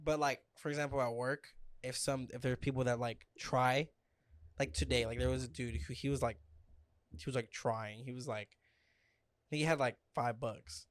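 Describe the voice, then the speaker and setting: A man's voice: medium pitch, dry recording. Rambling casual man, dry sound. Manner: rambling storyteller, heavy filler words, acts out quotes. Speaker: podcast co-host. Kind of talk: casual chat.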